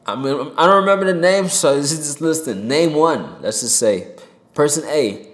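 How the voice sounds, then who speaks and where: A rapper giving a heated opinion monologue to camera from a home desk mic, swearing and jumping loud and high for emphasis. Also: male voice, lively intonation, moderate pace, reverberant. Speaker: rapper and commentator. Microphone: desk mic with pop filter.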